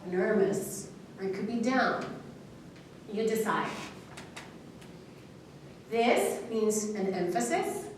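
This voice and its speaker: Woman coaching in an echoey hall. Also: mid-range voice. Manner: encouraging, expressive, demonstrates dramatic reading. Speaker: public speaking instructor. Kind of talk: live workshop coaching. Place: university hall seminar. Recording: very echoey hall from far off, faint noise.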